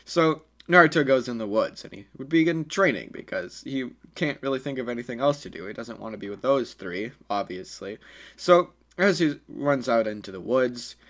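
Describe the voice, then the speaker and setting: A man's voice: mid-range voice, fairly bright tone. A man telling an improvised fan story in a casual, rambling way, with many fillers and self-corrections.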